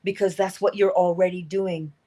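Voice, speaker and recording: A woman's voice: lowish voice, steady tone, normal speed, mellow. A woman speaks to her listeners in a motivational livestream talk. She is earnest and coaching, and she repeats her key phrases to press them home. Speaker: inspirational speaker.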